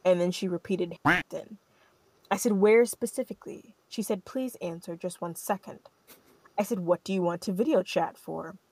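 A young adult woman hosting a podcast, telling a story in an animated, rambling way full of fillers. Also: on the low side, normal speed, breathy edge, dry recording. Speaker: podcast host. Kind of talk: casual storytelling chat.

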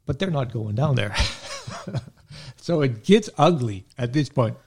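Middle-aged man, veteran medic guest: gravelly, husky, relaxed storyteller who rambles and chuckles. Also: mid-range voice, takes it slowly. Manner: laid-back, chuckles often, rambling asides. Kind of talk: casual storytelling.

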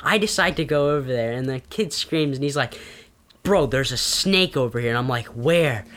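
A young man chatting casually, rambling through a story with lots of fillers and animated bursts. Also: mid-range voice, moderate pace. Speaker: storyteller guest. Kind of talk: casual podcast chat.

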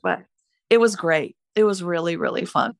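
A retired woman teacher in her sixties, reflecting warmly and emotionally in a conversational interview. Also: lowish voice, moderate pace, vocal fry, no room sound, clean studio sound. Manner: warm, emotional, laughs easily. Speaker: retired teacher, podcast guest.

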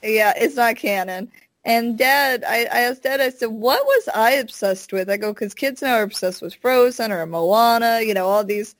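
Rambling woman, slightly high voice, dry sound. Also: animated, normal speed, no room sound. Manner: rambling, full of "like" and "I was like". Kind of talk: casual chat.

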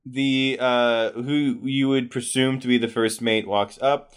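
A man narrating as game master in a tabletop game, pausing often. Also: medium pitch, fairly even intonation, smooth. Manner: halting, many fillers.

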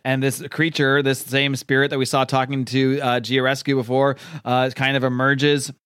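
A man's voice: mid-range voice, little pitch movement, normal speed, a bit bright, smooth, no room sound. A man chats casually as a podcast host, retelling a comic's plot in a loose, rambling way full of ums and likes. His voice sits in a middle range and sounds dry and close to the mic. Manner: rambling retelling with many fillers and quoted lines. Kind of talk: casual chat, recapping a comic.

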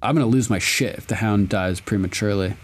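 A man with a slightly low voice co-hosting a podcast. He chats casually and rambles, swearing freely and restarting his sentences. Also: fast, husky. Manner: loose and profane, rambling with restarts. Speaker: podcast co-host. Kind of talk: casual chat.

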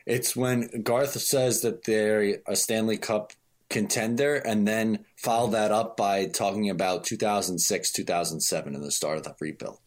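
A man's voice: on the low side, steady tone, moderate pace. A man co-hosting a casual sports podcast, venting in exasperation. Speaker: podcast co-host.

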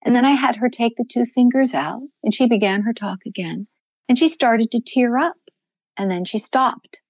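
In this lo-fi clip with no room sound, a fairly high-pitched older woman talks at a normal speed. She's a voice coach being interviewed for a podcast, and she expressively raises and lowers her voice to act out what she's describing.

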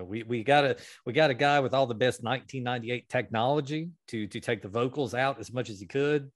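A man hosting a podcast, telling a long, profane story with lively energy. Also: medium pitch, no echo, clean studio sound. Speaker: podcast host. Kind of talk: casual storytelling chat.

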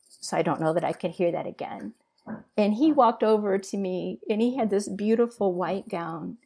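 A middle-aged woman sharing an emotional personal testimony in an earnest, halting way with many pauses and fillers. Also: on the low side, vocal fry, a little mellow. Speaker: guest sharing her testimony.

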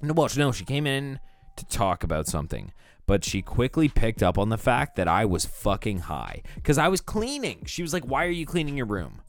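A man's voice: mid-range voice, sing-song, moderate pace, no room sound. A young man co-hosting a podcast, telling a story in a casual, profane, laughing way. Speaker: podcast co-host.

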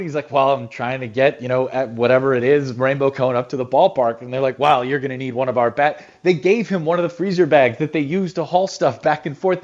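Animated man telling a lo-fi radio anecdote. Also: on the high side. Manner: animated storyteller with restarts and laughs. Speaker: radio host. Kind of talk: casual anecdote. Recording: dull lo-fi radio clip.

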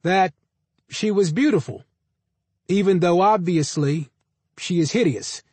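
A man's voice: high-pitched, measured pace, darkish tone, slightly rough, no room sound. A man voicing a bored, condescending middle-aged male teacher lecturing his class in an audiobook. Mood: bored scorn.

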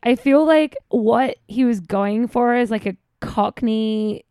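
A woman's voice: fairly high pitch, slow, dark tone, smooth, no echo, studio quality. An Australian woman co-hosting a podcast, chatting casually and often saying "like". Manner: chatty, many "like" fillers. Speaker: podcast co-host. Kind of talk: casual chat.

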